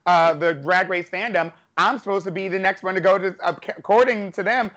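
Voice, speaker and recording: Woman, host, casual streamed chat, animated, laughs a lot, video call. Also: mid-range voice, brisk, lo-fi sound. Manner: chatty and animated, laughs often.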